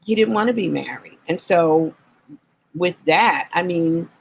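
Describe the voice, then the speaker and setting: Low gravelly woman telling her story. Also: lively intonation, slight background noise, rough recording. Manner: earnest, reflective, slows down on painful memories. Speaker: interview guest, singer. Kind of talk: candid personal storytelling.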